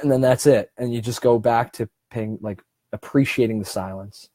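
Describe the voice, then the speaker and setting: A man speaking in a warm, mellow voice as he leads a relaxed self-help seminar. He talks to the audience directly and encouragingly, with plenty of restarts and slowed-down emphasis. The sound is dry and close, with no room echo. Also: medium pitch. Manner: conversational and encouraging, with frequent restarts and slow, deliberate stretches. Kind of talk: casual seminar talk.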